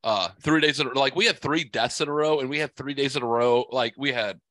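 A man's voice: mid-range voice, a little fast, fairly bright tone, no room sound. A man hosting a podcast, ranting angrily and cursing constantly in casual chat. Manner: profane angry ranting. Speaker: podcast host.

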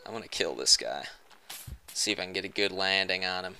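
A man's voice: sits low, expressive, fairly quick, creaky, a little hiss or hum. A young man giving joking let's-play commentary, muttering one moment and yelping the next. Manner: jokey, swings from muttering to yelping shouts. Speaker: gaming commentator.

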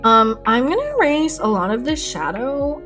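A woman's voice: high voice, big pitch swings, moderate pace. A young woman chatting casually on a live art stream, rambling and giggling as she reads chat aloud. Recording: faint music under voice. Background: soft lo-fi music.

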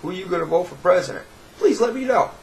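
High-voiced New York guy, swearing and sarcastic, rambling vlog rant. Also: animated, fast talker, vocal fry, a little hiss or hum, low-quality recording. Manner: profane, sarcastic, rambling with repeated restarts. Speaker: video blogger. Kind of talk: ranting to camera.

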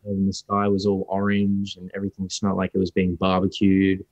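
A young Australian man with a fairly low voice tells stories in a loose, rambling way, often restarting his sentences. His voice sounds dull and muffled, as if over a video call, and very dry. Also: monotone, a little fast, a little mellow, no echo. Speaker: actor guest. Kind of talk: casual interview.

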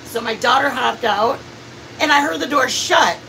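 A woman hosts a cooking stream, chatting to her viewers and laughing her way through family stories. Her voice sits a little high. She sounds set back from the mic, with a faint noise floor behind her. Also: moderate pace, creaky, far from the mic, low-quality recording. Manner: chatty, laughing, animated storyteller. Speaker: cooking channel host. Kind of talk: casual storytelling while cooking on a live stream.

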